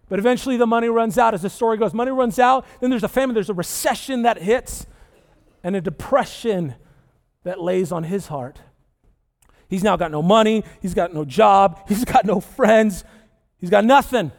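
A man preaching a conversational sermon to a church audience, chatty and animated, often tagging his points with a quick question to the room. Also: very high voice. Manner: chatty and animated, tags lines with "right?" and "okay?". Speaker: pastor. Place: church sanctuary with live audience. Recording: long reverb of a large hall.

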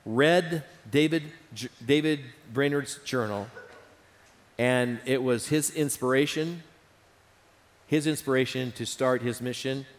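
A pastor preaches a sermon in a large auditorium, speaking earnestly and repeating phrases for emphasis. His voice is mid-range and slow, and the hall is reverberant.

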